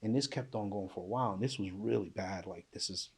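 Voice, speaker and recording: A man's voice: fairly low pitch, fast, husky. A middle-aged man, a retired police officer, recounting an ordeal in an interview with vivid, emphatic, plain-spoken storytelling. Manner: vivid, emphatic retelling that acts out quoted speech; plain-spoken, blunt, swears. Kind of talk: emotional first-person storytelling in an interview.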